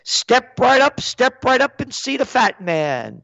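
A man voicing a pushy circus barker with booming sing-song patter, in a dull, dry recording. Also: big pitch swings, slow, vocal fry, a bit bright, no room sound, full character voice. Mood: barking. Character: loud middle-aged male circus barker, pushy showman.

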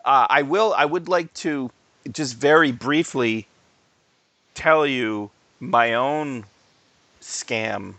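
A man's voice: medium pitch, slow, long pauses, no room sound. A man co-hosting a podcast, telling stories in casual chat and laughing often. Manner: animated storyteller, laughs often. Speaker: podcast co-host.

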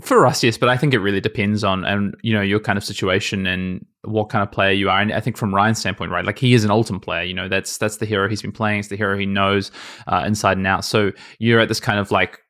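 A man's voice: fairly low pitch, fairly even intonation, quick pace, fairly bright tone. A young man co-hosting a casual podcast, chatty and upbeat with lots of fillers. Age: young adult. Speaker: podcast co-host.

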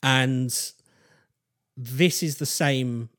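A man's voice: mid-range voice, a bit bright. Rambling man telling a story. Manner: rambling, halting, with fillers and restarts. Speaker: podcast host. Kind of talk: casual chat, storytelling.

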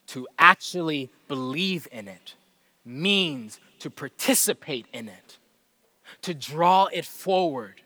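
A man preaching a casual, earnest sermon, moving between forceful emphasis and quiet, self-deprecating asides. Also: a little high, dry recording. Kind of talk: conversational sermon.

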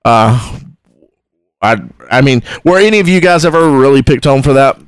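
A man hosting a podcast who reads out a listener's question in a relaxed, hesitant way, with lots of fillers. His voice is mid-pitched. The recording is close and dry. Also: normal speed, clean tone, dry recording. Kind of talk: casual chat.

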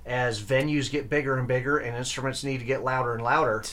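A man's voice: mid-range voice, fairly even intonation, fast, a bit bright. A young man talking as an interview guest, earnest and enthusiastic, with frequent fillers and restarts. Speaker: guest, electric violinist and grad student. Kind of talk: casual interview talk.

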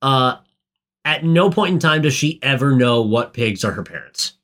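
A man in casual podcast chat, exasperated and profane, often climbing to loud, high outbursts. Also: expressive, moderate pace. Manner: exasperated, profane, rising to near-shouts. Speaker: podcast co-host.

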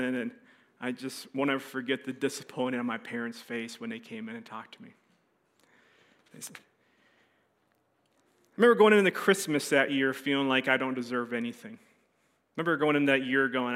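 A man preaching a sermon, telling a personal story with animated voices and quiet, serious stretches. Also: medium pitch, normal speed. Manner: animated storyteller, acts out voices, drops soft for serious moments. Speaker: pastor.

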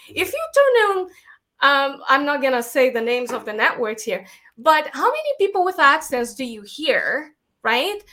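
A woman's voice: sits high, big pitch swings, moderate pace, sharp tone. A young woman with a Latin American accent, a filmmaker talking animatedly in an interview and peppering her speech with "like" and "you know". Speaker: filmmaker guest. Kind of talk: casual interview chat.

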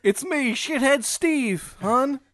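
A man's voice: very high-pitched, expressive, takes it slowly, a bit bright, no room sound, studio quality, voice pushed up, exaggerated voice. A man putting on the voice of an odd male Baltimore sports fan with a crude Baltimore accent. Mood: brash.

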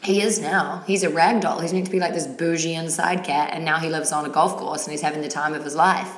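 A woman's voice: sits low, steady tone, brisk, roomy sound. A woman in her thirties from New Zealand with a New Zealand accent, a fitness trainer chatting as a podcast guest in a bubbly way and laughing often. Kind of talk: casual podcast chat.

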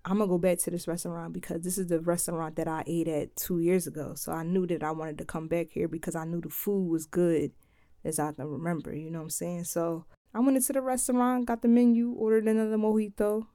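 A young woman from Philadelphia casually telling a travel story in a laid-back, slangy, animated way. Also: lowish voice, fast, no echo, studio quality.

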